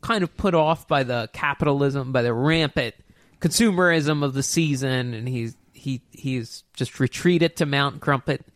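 A man in a casual podcast chat, thoughtful and questioning, speaking softly. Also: medium pitch, moderate pace, no room sound, clean studio sound. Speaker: podcast co-host.

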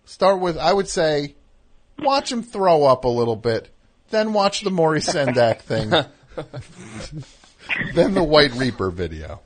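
A man hosting a call-in radio show, chatting casually with a rambling, animated manner that drifts off quietly at times. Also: on the high side, takes it slowly, long pauses.

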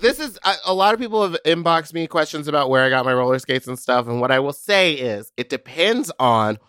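A man co-hosting a podcast, telling stories in an animated, chatty way. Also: on the high side, fairly quick, smooth, dry recording, clean studio sound. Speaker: podcast co-host. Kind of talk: casual chat, storytelling.

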